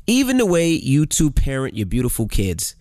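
A man's voice: medium pitch, wildly swooping pitch, moderate pace, darkish tone, dry recording, clean studio sound. A middle-aged man co-hosting a casual podcast, swearing freely and reading out a listener's email. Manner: brash, swears freely, sheepish apologies. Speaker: podcast co-host.

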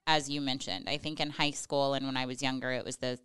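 A woman's voice: rumbling low, flat delivery, fast, a bit bright, smooth, no echo. A woman hosting an interview who speaks in an affirming, reflective way. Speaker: interview host. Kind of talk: interview conversation.

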